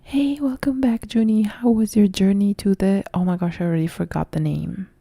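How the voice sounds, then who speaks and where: A young woman from Italy with an Italian accent, softly whispering as she chats and answers viewer comments in a whispered role-play live stream. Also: mid-range voice, steady tone, moderate pace, gravelly, slightly rough, no echo. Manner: soft whispered chat reading viewer comments.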